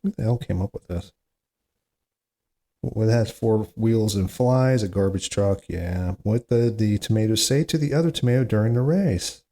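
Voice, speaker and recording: A man's voice: on the low side, normal speed, mellow. A man hosting a solo comedy podcast, reading corny jokes aloud with chatty, self-mocking asides and groans at how bad they are. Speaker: podcast host.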